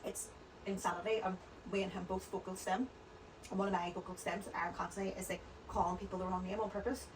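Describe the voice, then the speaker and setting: A woman talking quickly and rambling from one story to the next in a relaxed podcast chat. Her voice sits at an ordinary middle pitch. She is recorded a little distant from the mic, with a faint hiss underneath. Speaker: podcast guest. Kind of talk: casual chat.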